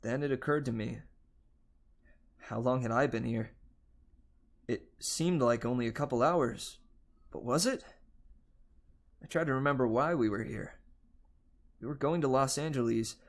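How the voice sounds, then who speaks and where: A man reading a novel aloud on a livestream, telling the first-person story in a steady, unhurried way. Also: mid-range voice. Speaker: livestream reader.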